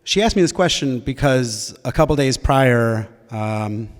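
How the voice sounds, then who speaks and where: A young man shares a personal story on stage, his mid-pitched voice carrying a long reverb from the hall around him. He talks in a loose, conversational way, stopping and restarting his sentences as he goes. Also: expressive, measured pace.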